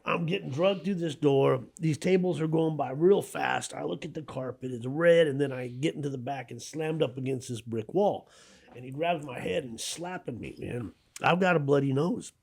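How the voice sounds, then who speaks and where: A man in his fifties, a guest author on a radio interview, telling stories from his past in an animated, conversational way. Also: a little high, normal speed, vocal fry, husky.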